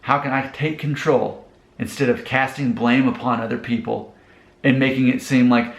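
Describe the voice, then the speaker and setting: A man's voice: mid-range voice, fairly even intonation, moderate pace, gravelly. A man hosting his own channel, earnestly talking through practical advice to the camera in a casual way. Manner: earnest, repeats steps, restarts. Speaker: channel host giving advice. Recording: roomy echo.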